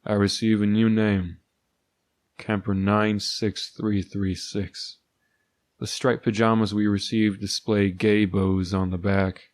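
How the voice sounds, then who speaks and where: Male storyteller, lowish voice, dry sardonic first-person read, very dry room. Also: flat delivery, slow, dry recording. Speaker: narrator.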